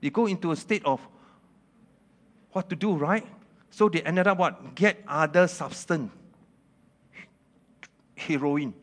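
A male preacher giving a lively sermon. He keeps asking the audience questions, laughs often and speaks in simple, broken grammar. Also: a little high, slow, long pauses.

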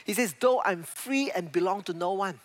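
High-voiced man preaching a sermon. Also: moderate pace. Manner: animated preaching with non-native English grammar. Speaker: pastor.

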